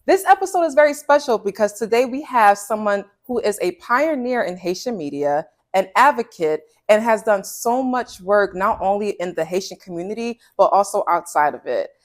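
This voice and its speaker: A woman's voice: medium pitch, lively intonation, moderate pace, few pauses. Upbeat woman interview host. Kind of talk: casual interview.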